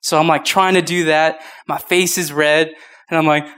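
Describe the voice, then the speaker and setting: A man's voice: a little high, fairly even intonation, normal speed, fairly bright tone, clean tone. A young man in his twenties preaching a casual youth sermon, short of breath, with many restarts and fillers. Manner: informal, rambling, many restarts. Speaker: youth pastor.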